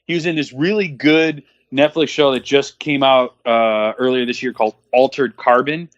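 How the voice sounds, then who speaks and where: On a casual movie-watching commentary show, a male co-host talks bluntly and profanely, packing in lots of fillers. His mid-range voice keeps a steady tone at normal speed, with no room sound, though the recording is dull and muffled.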